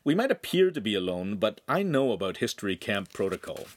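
A man's voice: lowish voice, very animated, brisk. A man voicing a cautious, cynical teenage boy. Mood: wary. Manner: cautious, knowing.

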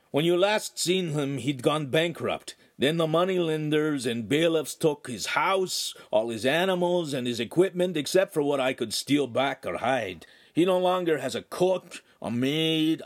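A man's voice: mid-range voice, fairly bright tone, pitched above the performer's own voice. A man voicing a bumbling, cheeky young male servant in an audiobook, rambling through his complaints.

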